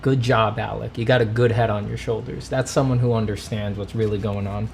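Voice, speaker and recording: A man chats casually on a livestream, reading donations, answering viewer questions, and thanking donors with dry, self-mocking humor. His gravelly voice sits on the low side, with a steady tone and fairly quick pace over slight background noise.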